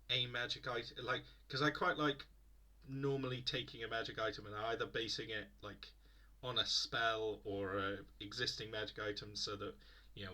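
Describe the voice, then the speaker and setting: Bright-voiced man running a game. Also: medium pitch. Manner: chatty, laughs often. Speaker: game master. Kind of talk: casual tabletop session planning.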